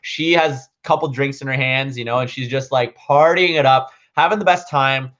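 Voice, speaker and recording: A man with a mid-range, slightly bright voice speaks at a moderate pace in a dull lo-fi recording. Vlogging, he tells his viewers a long story casually, rambling with lots of "like" and "um."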